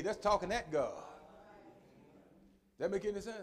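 A middle-aged man preaching to his congregation, dropping into soft, chatty asides before climbing to shouted, sung peaks. His voice sits high and leaps around in pitch, and he draws the room in with call-and-response. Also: sing-song, normal speed, pauses often. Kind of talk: sermon.

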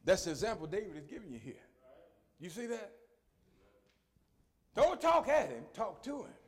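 A middle-aged man preaching to his congregation, dropping into soft, chatty asides before climbing to shouted, sung peaks. His voice sits high and leaps around in pitch, and he draws the room in with call-and-response. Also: big pitch swings, normal speed. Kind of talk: sermon.

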